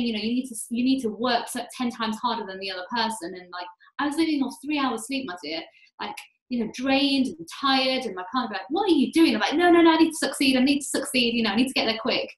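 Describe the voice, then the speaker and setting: A woman's voice: fairly high pitch, fast, a bit bright. British-born woman, roomy echo. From Britain. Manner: earnest, reflective, with frequent "like" and "you know". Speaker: guest, life coach. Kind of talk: podcast interview conversation.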